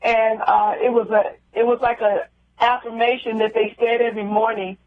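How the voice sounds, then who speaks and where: A woman calling in as a guest, telling a personal story in a halting, heartfelt way that circles back on itself. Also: on the high side, level tone, no echo. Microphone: telephone. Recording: tinny phone line.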